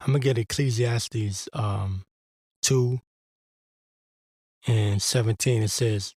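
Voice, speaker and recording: Husky, blunt man ranting profanely. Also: medium pitch, animated, takes it slowly, long pauses, darkish tone, no echo, studio quality. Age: adult veteran. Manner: blunt, crude and exasperated. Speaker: host. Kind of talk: profane religious monologue.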